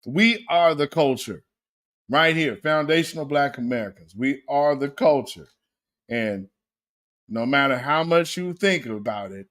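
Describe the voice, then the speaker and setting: A man hosting a casual livestream, reacting to clips with animated commentary, laughing often and greeting viewers by name. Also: a little high, normal speed.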